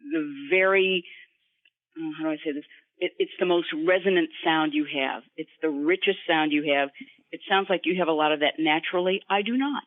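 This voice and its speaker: A woman guest voice actor in an interview, explaining voice technique in an instructive way and slipping into quick voice demonstrations. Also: deep voice, no echo. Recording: tinny phone line.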